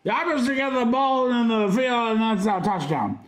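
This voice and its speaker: A man puts on a folksy, rambling old football commentator, pitched up high. The voice bounces around a roomy, echoing space. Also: expressive, moderate pace. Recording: roomy echo.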